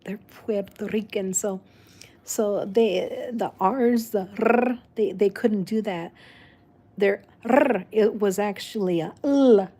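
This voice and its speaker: In a relaxed, rambling vlog chat, a native Spanish-speaking woman talks slowly, frequently restarts and loops back on her words, and breaks into occasional laughter. She has a warm tone and a normal mid-range pitch.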